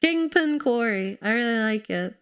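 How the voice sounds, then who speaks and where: A woman streaming a game, chatting casually and excitedly with her viewers while slightly ill and coughing. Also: fairly high pitch, moderate pace, clean tone. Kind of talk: casual live-stream chat while playing.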